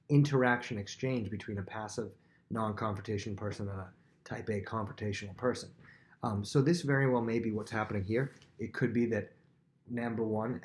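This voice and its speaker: A man's voice: on the low side, darkish tone. Man teaching a casual Bible lesson. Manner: conversational, rambling, thinking aloud.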